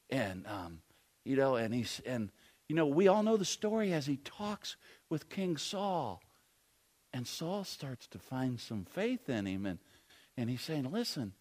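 A man's voice: fairly high pitch, a little mellow. A man preaching a sermon, telling the story in a rambling way full of fillers.

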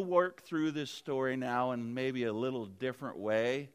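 A man's voice: mid-range voice, measured pace, few pauses, clear, resonant tone. A man preaching a sermon, retelling a Bible story earnestly and vividly with restarts.

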